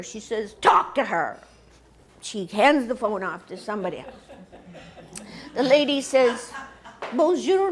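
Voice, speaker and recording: Animated high-voiced woman telling a story. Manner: animated, acts out quoted voices, laughs often. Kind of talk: personal storytelling on stage. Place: stage before a live audience.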